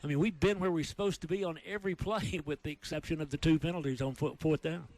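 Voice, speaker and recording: A man with a Texan accent calling high school football play by play, with rapid excited calls during big plays. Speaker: play-by-play announcer.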